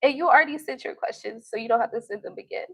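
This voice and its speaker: A woman's voice: high voice, quick pace, gravelly, bright, forceful tone, breathy edge, no echo, rough recording. A woman tarot reader chatting casually on a live stream, brash, cocky and profane. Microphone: streaming mic.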